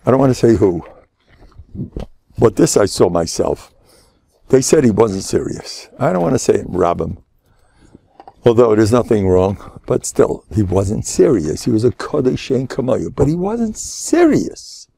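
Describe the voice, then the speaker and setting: A man's voice: on the low side, lively intonation, measured pace, vocal fry, pauses often, dark tone, husky, dry recording. An older man, a rabbi giving a jovial, laughing Purim sermon with mock-dramatic asides. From United States.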